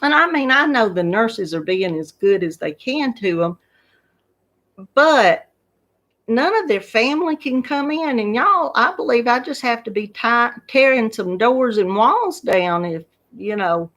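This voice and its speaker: A woman's voice: fairly high pitch, expressive, measured pace, fairly bright tone. A grandmother in her fifties with a Southern US accent, chatting casually to viewers in a home live stream and laughing often. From Georgia, USA. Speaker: YouTube craft channel host.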